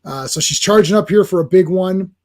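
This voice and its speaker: A man hosting a casual comic book review chat, excitable and rambling as he talks through the pages. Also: sits high, fairly quick. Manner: excitable, rambling with fillers and restarts.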